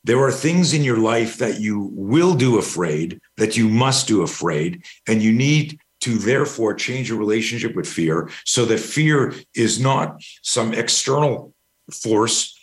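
Here a middle-aged male guest speaks a little slowly, his lowish voice carrying lively intonation. Talking about managing fear, he spins a long, rambling personal anecdote in a casual interview, with the occasional curse thrown in.

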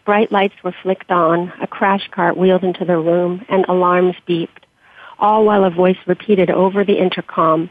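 Husky woman reading her memoir by phone. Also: lowish voice, steady tone, normal speed. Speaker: author and interview guest. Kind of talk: reading her memoir aloud, then interview answers. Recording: dry tinny phone-like line.

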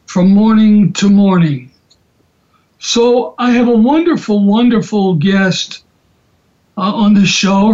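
A man hosting a radio talk show, slow and folksy with drawn-out phrasing. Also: high voice, a little mellow. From Atlanta, USA. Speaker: radio show host, rabbi. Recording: dull, lo-fi radio audio.

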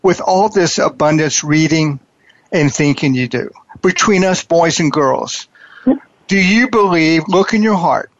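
A man hosting a coaching interview, talking in a preachy, emphatic way and repeating his key phrases slowly. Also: fairly high pitch, no echo, muffled recording. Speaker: podcast host and wealth coach.

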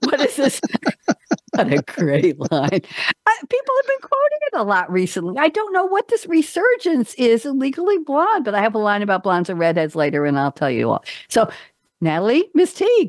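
A woman's voice: a little high, very animated, fairly quick, no echo, studio quality. A woman hosting a radio talk show, chatty and laughing often as she tells stories about her stand-up days. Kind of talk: casual interview chat.

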